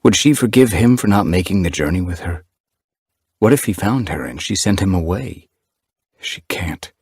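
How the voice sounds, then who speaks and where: A man narrating a story in an expressive storytelling manner. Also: low voice, normal speed, breathy edge, dry recording, clean studio sound. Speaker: audiobook narrator. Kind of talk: scripted narration.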